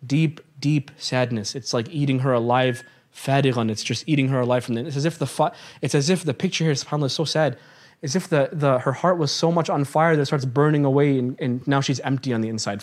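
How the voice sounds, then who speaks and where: A man teaching a live class on scripture, chatty and engaging, often quizzing his audience with questions and breaking into asides. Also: mid-range voice. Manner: chatty with many asides and restarts. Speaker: Islamic teacher.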